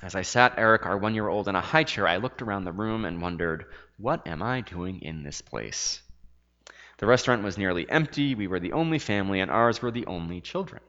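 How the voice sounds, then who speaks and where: A man reading a first-person story aloud, expressive and dramatic with soft hushed asides, in a dull lo-fi recording with a long reverb. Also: fairly low pitch, quick pace, few pauses.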